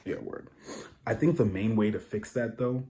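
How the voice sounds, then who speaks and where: A man's voice: lowish voice, normal speed, heavy background noise. A man talking casually to camera, giving blunt opinions with a lot of repetition and rhetorical asides. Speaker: vlogger.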